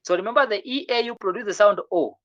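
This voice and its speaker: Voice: mid-range voice, fairly bright tone, a little hiss or hum. Patient teacher drilling French sounds, muffled. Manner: patient, encouraging, repeats words slowly for drilling. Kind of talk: online language lesson with students.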